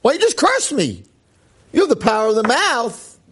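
Brief: man doing an outraged talking donkey, high and pleading, voice jumps all over. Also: wildly swooping pitch, moderate pace, fairly bright tone, slightly rough, full character voice. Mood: indignant. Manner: pleading, rising high and incredulous. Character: indignant talking donkey scolding its rider.

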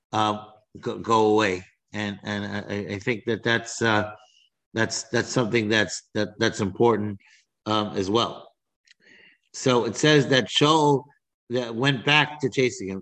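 A man's voice: medium pitch, fairly bright tone. A man teaching an informal text-study class, reading verses aloud and then explaining them with frequent restarts and fillers. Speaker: Torah teacher.

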